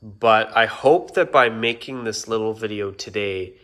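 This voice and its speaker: A man's voice: on the low side, a little slow, a bit bright. A man talking casually to his channel's viewers, ranting in exasperation and apologizing now and then. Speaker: YouTuber. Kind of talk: casual vlog rant.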